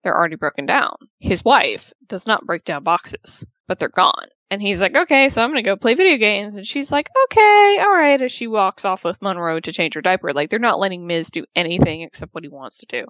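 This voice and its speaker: A woman's voice: fairly low pitch, animated, fairly quick, hardly any pauses, a bit bright, no echo, lo-fi sound. A woman co-hosting a podcast, chatting casually as she recaps an episode and acts out the lines of the people in it. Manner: chatty, retells scenes with quoted voices. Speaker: podcast co-host.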